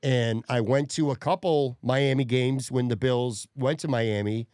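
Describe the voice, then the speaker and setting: A man hosting a podcast, talking in a relaxed, easygoing way and reading listener comments aloud in casual chat. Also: medium pitch, a little slow, no room sound, studio quality. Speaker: podcast host.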